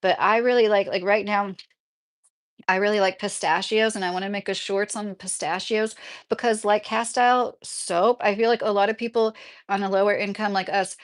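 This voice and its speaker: A woman's voice: mid-range voice, steady tone, moderate pace. A woman in her thirties chatting casually as a vlogger, rambling with many fillers while reading viewer comments aloud. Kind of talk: casual chat.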